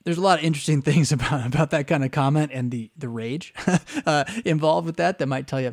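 A man's voice: on the high side, fairly quick. A pastor giving a conversational teaching lecture, often checking in with his listeners by asking "right?".

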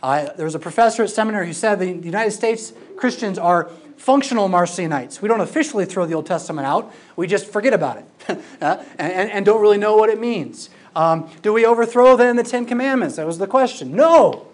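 A Bible teacher giving a classroom lecture, emphatic and lively, with informal asides. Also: medium pitch, fairly quick. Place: classroom with a projected screen.

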